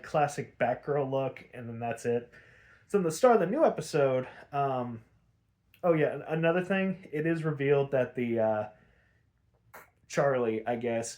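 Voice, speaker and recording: A young man with a somewhat high voice recaps a cartoon episode for his podcast. He talks loosely and casually, piling up fillers and throwing in swears and quick laughs. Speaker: podcast host.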